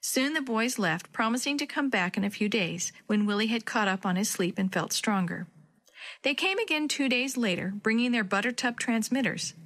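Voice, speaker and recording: A woman narrating a children's chapter book, acting the children's lines in a higher voice. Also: expressive, moderate pace, fairly bright tone. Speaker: children's storyteller. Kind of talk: scripted story narration.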